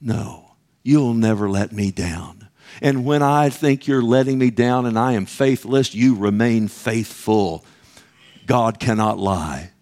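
A man's voice: medium pitch, takes it slowly, darkish tone. A man preaching a sermon, emphatic and conversational, often asking the congregation "Amen?" and acting out little dialogues.

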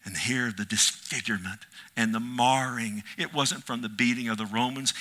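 Male pastor, fiery sermon, loud bursts to whispers. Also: medium pitch, normal speed. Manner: impassioned, swinging from loud cries to hushed whispers.

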